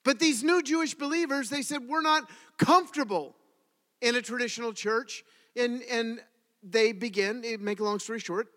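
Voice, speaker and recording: A man preaching a sermon to his congregation, telling stories in an animated way and asking the audience questions. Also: extremely high pitch. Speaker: pastor. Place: congregation hall. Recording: reverberant hall.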